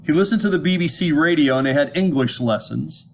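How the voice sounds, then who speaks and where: A man's voice: a little high, fairly quick, creaky, slight background noise. An American man giving an informal lecture, talking conversationally and often checking whether his listeners follow, with frequent restarts. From United States.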